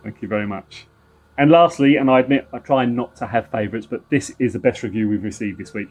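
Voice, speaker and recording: A middle-aged man with a London accent trades dry, joking banter as a podcast co-host. His voice is husky with a slightly rough edge, and he talks at an easy, relaxed pace. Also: mid-range voice, brisk. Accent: London English. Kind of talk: casual chat.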